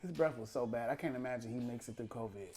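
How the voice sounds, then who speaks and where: A man co-hosting a casual chat, telling stories with lively put-on voices and frequent laughter. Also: medium pitch, fast. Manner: animated, laughing storyteller who acts out voices. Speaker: podcast co-host.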